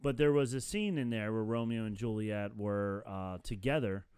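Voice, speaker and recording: A man's voice: fairly low pitch, moderate pace, a little mellow, smooth, no room sound, studio quality. A man co-hosting a casual podcast, talking in a loose, rambling way with many fillers. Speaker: podcast co-host. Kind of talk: casual chat.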